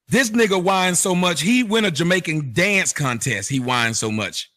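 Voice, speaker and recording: Mocking man host with a lively, bright voice. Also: fairly high pitch, moderate pace, hardly any pauses. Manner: mocking, joking, sing-song emphasis. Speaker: show host. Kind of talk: mocking commentary on played clips.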